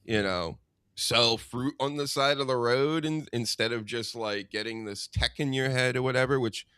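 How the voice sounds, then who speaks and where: A man's voice: mid-range voice, bright, forceful tone, clear, resonant tone, no echo, clean studio sound. Chatty man hosting a podcast. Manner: rambling, chatty, quick asides. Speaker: podcast host. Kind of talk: casual podcast chat.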